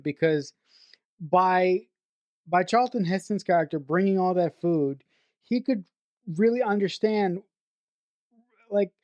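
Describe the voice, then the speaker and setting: Woman podcast co-host, excitable and foul-mouthed, trips over her words, dry close sound. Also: on the low side, no echo. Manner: excitable, swears freely, stumbles and restarts. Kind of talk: casual film-review chat.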